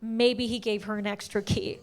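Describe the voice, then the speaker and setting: A woman comedian performing a stand-up set on stage, telling stories with animated energy and laughing at her own jokes. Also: mid-range voice, normal speed.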